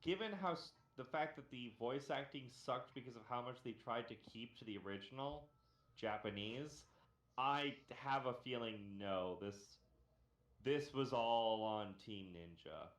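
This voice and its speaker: A man's voice: mid-range voice, unhurried, fairly bright tone. A man hosting a live stream, ranting in casual, profane banter with a sarcastic, emphatic manner. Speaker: stream host. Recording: echoey room.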